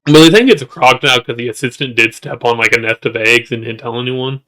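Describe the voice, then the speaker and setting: Speaking fast with a sharp tone, a male show reviewer casually recaps a season. He rambles and jokes, full of asides and restarts, and works himself up into high-pitched exasperation.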